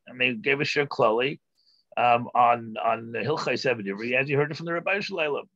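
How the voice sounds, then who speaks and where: A man, a rabbi, teaching a text-study class, thinking aloud with halting restarts and filler sounds. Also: mid-range voice, a bit bright, no echo, lo-fi sound.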